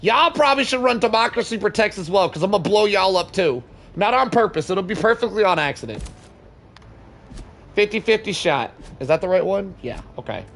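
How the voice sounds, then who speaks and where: A young man streaming a co-op shooter, joking with his chat and now and then bursting into shouts. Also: high voice, animated, fast, vocal fry. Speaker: game streamer. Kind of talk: casual gaming stream chat.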